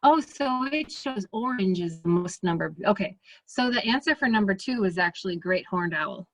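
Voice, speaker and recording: A woman with a Midwestern American accent, an ornithologist giving a relaxed, chatty presentation over a video call, full of fillers and restarts. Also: medium pitch, normal speed, no echo. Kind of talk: casual presentation.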